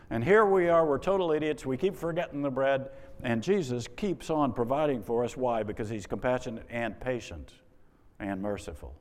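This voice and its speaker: A man's voice: fairly high pitch, a little mellow. A man preaching a sermon, with wry rhetorical questions and exasperated asides. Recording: long reverb of a large hall.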